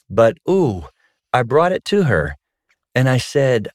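A man's voice: very animated, slow pace, dry recording, studio quality. A man, a pastor and marriage counselor, chatting casually and telling stories, acting out voices now and then. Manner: storytelling, acts out voices with sudden high pitch jumps. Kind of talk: casual podcast chat with his wife.

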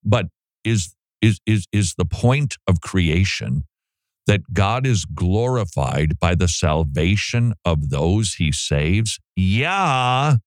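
A man hosting a talk show, giving casual commentary on theology in an animated way with sarcastic mock-quoting. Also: low-pitched, takes it slowly, dry recording, clean studio sound.

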